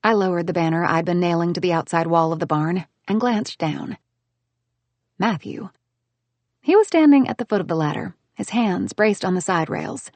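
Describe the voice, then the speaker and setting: A woman narrating a first-person romance audiobook in a smooth, expressive way. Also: lowish voice, moderate pace, dry recording.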